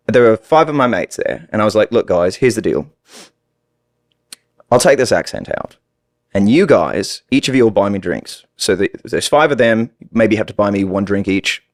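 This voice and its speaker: Low-voiced man with an Australian-tinged American accent. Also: dry recording, clean studio sound. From United States. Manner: animated, laughing storyteller. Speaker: podcast guest. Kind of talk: casual storytelling.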